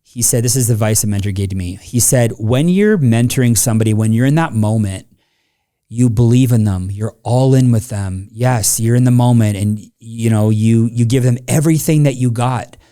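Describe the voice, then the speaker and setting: Mellow-voiced man telling a story. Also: medium pitch, normal speed, smooth. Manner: animated storyteller who acts out people he quotes. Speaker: podcast host. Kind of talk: casual podcast conversation.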